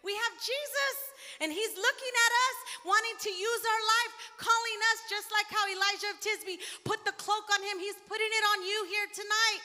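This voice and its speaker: A young adult woman preaching a sermon to a women's gathering in a church, speaking with passion and rising to shouts at her peaks. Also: very high voice, fairly even intonation, moderate pace, hardly any pauses, big-room sound. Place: church sanctuary.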